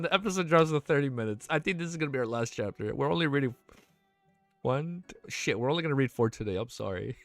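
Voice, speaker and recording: A man's voice: on the high side, sharp tone. A young man streaming, reading a novel aloud and breaking off to react emotionally, casual and swearing.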